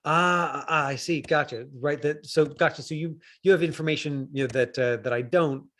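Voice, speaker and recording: A man's voice: fairly high pitch, normal speed, fairly bright tone. A man working as an acting coach, giving a casual and rambling critique of a student's self-tape, full of fillers and restarts.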